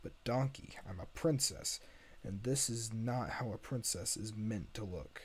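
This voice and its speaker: A man's voice: on the low side, unhurried, breathy edge. A man reading a script aloud and voicing a young cursed princess in a raised, earnest voice. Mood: resigned. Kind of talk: amateur script read-aloud.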